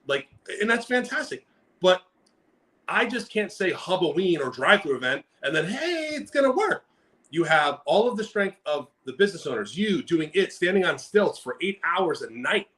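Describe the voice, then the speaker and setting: A man co-hosting a business podcast in animated, rambling casual chat, often stopping and restarting his sentences. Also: high voice, normal speed, poor audio. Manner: animated, rambling, self-interrupting. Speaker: podcast co-host.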